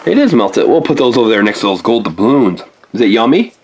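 A woman's voice: extremely low pitch, brisk, breathy edge. A woman hosting a playful toy unboxing, exclaiming over each find and coaxing a young helper along. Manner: animated, exclaiming over toys, coaxing a child.

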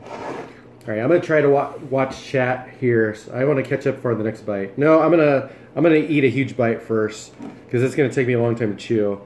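A jokey man chats his way through a cooking livestream, talking while he moves things around and eats. His voice sits at an ordinary middle pitch. The room rings back around him, with a faint hum in the background. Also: moderate pace, darkish tone, echoey room. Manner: chatty, jokey, talks while moving and chewing. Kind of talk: casual livestream chat. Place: home kitchen.

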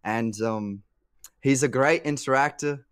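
A man's voice: mid-range voice, a little slow, a bit bright, smooth, close to an everyday voice. A man putting on a cheesy British sports commentator accent as a joke during a podcast chat. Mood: jokey.

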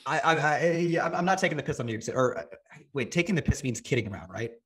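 Fast-talking husky man, rambling. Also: on the high side, expressive, a bit bright. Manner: fast, rambling, frequent "like" fillers. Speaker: podcast guest, data engineer. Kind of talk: casual interview chat.

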